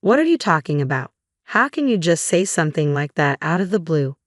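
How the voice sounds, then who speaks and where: A man's voice: fairly high pitch, big pitch swings, a little fast, no echo, clean studio sound. A woman reading the part of an arrogant, sexist middle-aged husband who talks down to others. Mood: defensive. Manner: dismissive, condescending.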